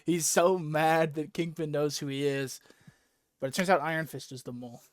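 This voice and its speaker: A man's voice: a little high, normal speed. A young man casually recapping a comic book story, retelling it with lots of energy and acting out lines. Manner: animated retelling, acts out quotes casually. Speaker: podcast host.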